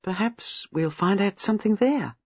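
A reader voicing an impulsive young wife who speaks breathlessly. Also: female voice, mid-range voice, animated, moderate pace, darkish tone, husky, no room sound, lo-fi sound, voice pushed up. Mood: earnest.

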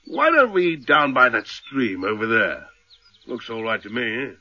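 A hearty, pushy Englishman, lively bright voice, dull lo-fi radio sound. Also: medium pitch, normal speed, husky, exaggerated voice. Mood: hearty, coaxing. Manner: jovial, ends lines with "eh?". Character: hearty middle-aged man, pushy and suggestive. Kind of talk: 1970s radio drama acting.

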